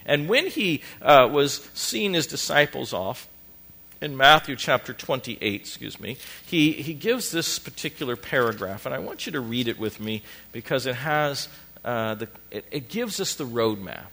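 A man's voice: medium pitch, big pitch swings, moderate pace, vocal fry, bright, forceful tone. A middle-aged man preaching a sermon as pastor, emphatic and building in intensity.

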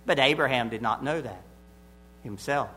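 A man preaching an expository sermon, deliberate and emphatic, repeating his key phrases. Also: medium pitch, bright, forceful tone, a little hiss or hum.

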